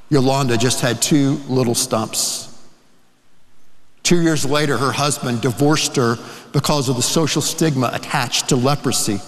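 Guy preaching, slow solemn storytelling w big pauses, lots of hall echo. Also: medium pitch. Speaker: priest. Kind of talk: sermon storytelling. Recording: long hall reverb.

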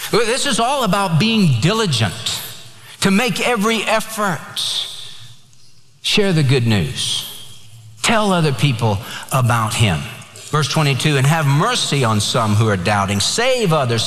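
Earnest and direct, a male pastor delivers a sermon, telling jokes and quoting scripture along the way. His voice runs a bit bright and on the high side, and the echoey hall recording has long reverb plus a little hiss or hum.

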